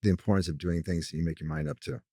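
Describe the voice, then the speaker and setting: A man hosts a laid-back interview in a lowish voice, recorded close and dry. He swears freely and heaps praise on his guest between his questions. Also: rapid-fire, dark tone, husky, no echo. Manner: effusive and profane, praising the guest. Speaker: podcast host. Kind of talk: casual interview chat.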